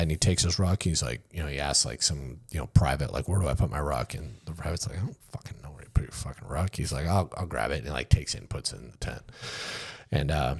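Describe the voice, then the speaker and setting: A middle-aged man with a deep, low voice talks as a guest in a casual interview. He rambles comfortably through his stories with plenty of fillers and the odd curse. He often slips into quoted dialogue to act out the other people in them. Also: a little mellow. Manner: loose and conversational, many fillers, acts out dialogue, swears. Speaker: podcast guest, retired army sergeant major.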